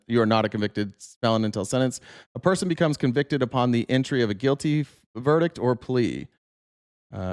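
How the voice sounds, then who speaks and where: A man's voice: mid-range voice, no room sound, clean studio sound. A man hosting a political commentary show, talking bluntly and sarcastically with frequent swearing.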